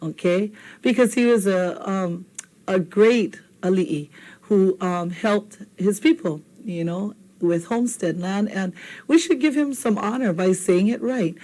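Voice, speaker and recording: A woman's voice: medium pitch, mellow, rough recording. Patient Hawaiian-accented woman teaching words. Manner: patient, playful, repeats words slowly and checks in with "okay?". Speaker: language teacher. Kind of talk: televised language lesson.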